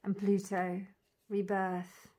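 Woman, unhurried, tarot deck walk-through, dreamy, admiring, mid pitch. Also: completely flat delivery. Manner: dreamy, admiring, lingers on single words; soft laughs and gushing asides. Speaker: tarot reader reviewing an oracle deck. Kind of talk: casual unboxing walk-through.

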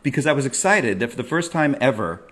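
Middle-aged male comedian host, ranting monologue, bright edgy tone. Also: mid-range voice, quick pace. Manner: animated, self-mocking ranting with sudden yells. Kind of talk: comic monologue.

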